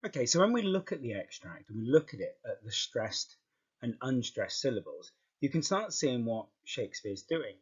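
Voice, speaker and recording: A man's voice: medium pitch, sing-song, moderate pace, husky. A man teaching English in an explanatory video lesson, often checking in with "okay" as he talks the class through. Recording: muffled lo-fi recording.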